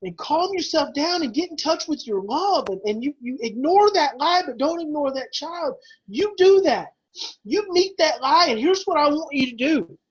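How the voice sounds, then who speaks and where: A man's voice: extremely high pitch, lively intonation, moderate pace, highs cut off. A man presenting a parenting webinar, urging parents on in an emphatic, repetitive, preacher-like way. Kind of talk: impassioned webinar teaching.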